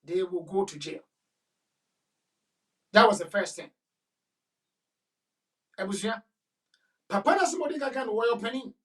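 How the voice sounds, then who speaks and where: A woman's voice: mid-range voice, lively intonation, unhurried, long pauses, distant mic, poor audio. A woman with a Ghanaian accent hosting a talk show, giving emphatic, repetitive commentary that slips into Twi. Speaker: show host.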